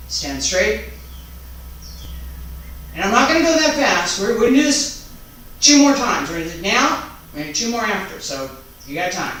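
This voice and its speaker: High-voiced man slowly cueing taiji moves. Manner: calm, unhurried step-by-step cueing and counting. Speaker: taiji instructor. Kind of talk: live online movement class. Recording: very echoey room, mic far off, faint background noise.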